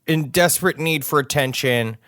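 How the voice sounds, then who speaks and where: A man's voice: on the high side, normal speed, a bit bright, dry recording, studio quality. A man co-hosting a comedy podcast, riffing in rambling casual chat with many restarts. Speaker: podcast co-host.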